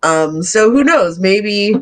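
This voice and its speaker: A podcast panelist in casual review chat, measured and hesitant, thinking aloud. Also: medium pitch, expressive, a bit bright.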